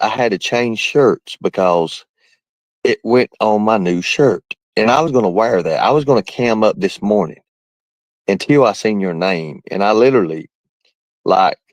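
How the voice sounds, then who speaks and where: A man's voice: fairly low pitch, dry recording. A man livestreaming, talking to his viewers in a rambling, mocking, folksy way. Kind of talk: casual livestream rant.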